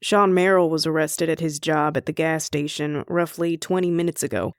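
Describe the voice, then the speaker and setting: A woman narrator voicing a steady male police chief in an audiobook, speaking low and reassuring. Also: fairly quick, clean tone, dry recording, clean studio sound, close to an everyday voice. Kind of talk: audiobook character voice.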